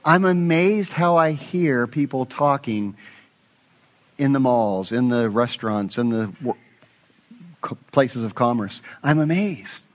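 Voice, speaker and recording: A male pastor preaching a sermon with expressive delivery, asking the congregation questions and dropping into hushed, prayerful asides. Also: mid-range voice, slow, muffled recording.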